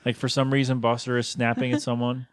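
A man co-hosting a podcast, casually recapping a cartoon episode with jokes and quick quoted voices. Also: medium pitch, flat delivery, clean tone, dry recording, studio quality. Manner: joking, retells scenes with quick put-on quotes. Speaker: podcast co-host.

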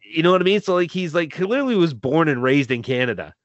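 Man, casual co-host, profane storyteller, lively swinging pitch, video call audio. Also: brisk, no room sound, lo-fi sound. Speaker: podcast co-host.

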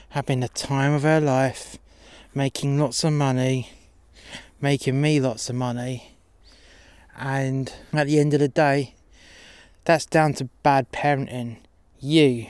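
A man's voice: medium pitch, darkish tone, clear, resonant tone, dry recording, natural voice. A man playing a crude, mocking pimp boss who swears constantly.

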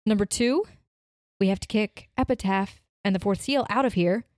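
A woman's voice: mid-range voice, normal speed, darkish tone, no echo. Woman player at a tabletop game, takes charge and lists plans, dry mic.

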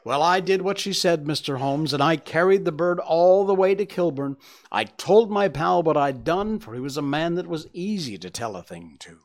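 A man's voice: fairly high pitch, expressive, normal speed, voice pushed up. Man playing a frightened man confessing. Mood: anxious. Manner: agitated, pleading storytelling.

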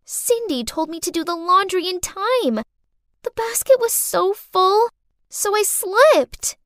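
Eine Frau spricht ein quengelndes, berechnendes kleines Mädchen mit sehr hoher, dünner Stimme, das in einer erzählten Geschichte Unschuld vortäuscht. Die Aufnahme klingt trocken und nah, ganz ohne Hall. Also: female voice, extremely high pitch, lively intonation, slow, a bit bright, studio quality, voice pushed up, exaggerated voice. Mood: whiny. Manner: whiny, tearful pleading. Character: scheming little girl faking innocence. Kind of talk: storytelling podcast.

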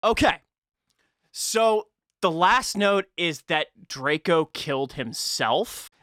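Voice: mid-range voice, animated, slow pace, a bit bright, no room sound, clean studio sound. A podcast co-host chatting and commenting between comic readings, talking in a chatty, laughing way. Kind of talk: casual chat and comic read-aloud.

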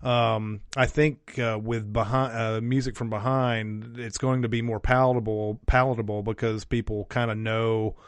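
A man talking casually on a podcast, pausing often with fillers and restarts as he explains. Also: medium pitch, level tone, smooth, dry recording. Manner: halting, many fillers and restarts. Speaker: channel co-creator and podcast host.

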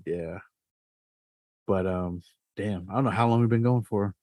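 Man, podcast host, loose storyteller, cursing freely, dry close sound, warm tone. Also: on the low side, a little slow, dry recording. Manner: animated, swears often, heavy fillers. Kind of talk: casual storytelling.

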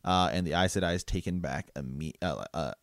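A man's voice: sits low, brisk, fairly bright tone, no echo, clean studio sound. A man co-hosting a book discussion, chatting and reading passages aloud with frequent laughs. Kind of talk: casual chat reading aloud from a novel.

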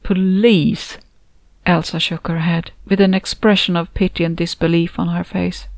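A woman narrating a first-person novel in a measured, expressive reading. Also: fairly low pitch, gravelly, no echo. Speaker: audiobook narrator. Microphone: close, dry home studio.

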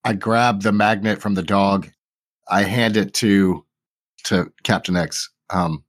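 Low-voiced man in his forties, measured. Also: steady tone, dry recording. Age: 40s. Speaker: player. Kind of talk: tabletop game play.

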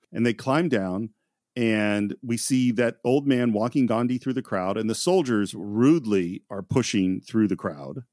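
A man co-hosting a podcast in a casual film discussion, who retells scenes in an animated way. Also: lowish voice, unhurried, dry recording. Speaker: podcast co-host.

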